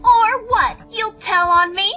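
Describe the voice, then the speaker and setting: Lady playing a snooty little brat pony, sneery, high, sharp. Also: slow pace, full character voice. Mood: taunting. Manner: sneering, mocking. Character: spoiled bratty rich filly, mean girl.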